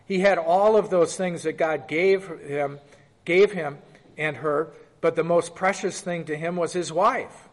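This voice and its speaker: Here a Bible teacher with a fairly high-pitched voice moves at a measured pace, his words followed by a long reverb tail. He reads from scripture and engages the group with conversational questions.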